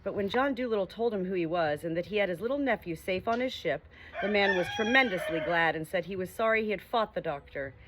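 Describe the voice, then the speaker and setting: A woman reading a children's story aloud with gentle, expressive narration. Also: medium pitch, fast talker, heavy background noise. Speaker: audiobook reader.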